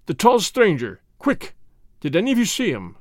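A man's voice: high-pitched, huge pitch swings, moderate pace, dry recording, clean studio sound. A man voicing a scheming male revolutionary agent, clipped and commanding, full of impatient fury.

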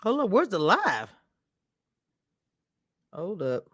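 A woman hosting her own live stream, talking casually and directly to her viewers. Her voice is bright and edged, with pitch that leaps up and down as she talks. The sound is dry and close, with no room echo. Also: wildly swooping pitch, slow pace. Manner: chatty, laughs often, talks straight to viewers. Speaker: live-stream show reviewer.

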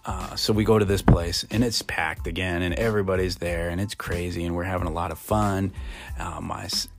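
A man's voice: low voice, steady tone, brisk, gravelly, over music. A middle-aged man from Montana telling a rambling story casually, full of fillers and restarts.

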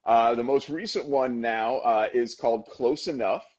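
Husky man telling a story, lo-fi. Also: mid-range voice, normal speed. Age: 30s. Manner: animated storytelling, acting out characters in funny voices. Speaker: podcast co-host. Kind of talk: casual chat.

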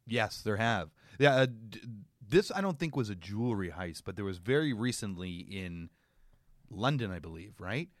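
A man's voice: lowish voice, sing-song, moderate pace, no room sound, studio quality. A man co-hosting a podcast in casual chat, eager but hesitant with many fillers. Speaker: podcast co-host.

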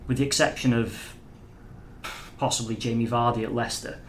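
A man joins a casual sports radio chat about football. He speaks in a flat, even tone, measured and thinking aloud. Faint background hiss runs under his voice. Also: medium pitch.

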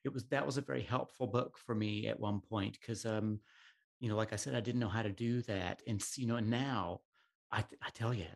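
A man's voice: lowish voice, steady tone, fairly quick, gravelly. A man hosting a casual podcast conversation, reflective and thinking aloud with many ums. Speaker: podcast host.

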